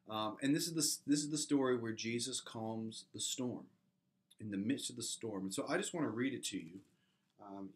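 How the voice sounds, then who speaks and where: A man preaching an earnest sermon as a pastor, building to emphatic peaks and often restarting his words. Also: fairly low pitch.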